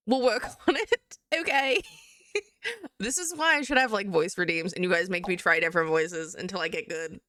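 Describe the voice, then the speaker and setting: A woman's voice: mid-range voice, lively intonation, normal speed, pushed and bright, dry recording, studio quality. A woman hosting a livestream in casual chat, chatty and giggly while she reacts to viewers. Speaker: livestream host.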